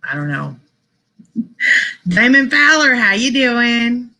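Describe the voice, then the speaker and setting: A woman's voice: fairly high pitch, sing-song, slow, pushed and bright. A woman hosting a casual live stream, chatting and rambling to her viewers, laughing often and saying y'all.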